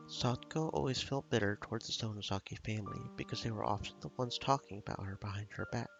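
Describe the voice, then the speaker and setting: A man streaming himself reading a visual novel aloud in steady narration. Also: fairly low pitch, quick pace, hardly any pauses, dull audio. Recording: game music behind.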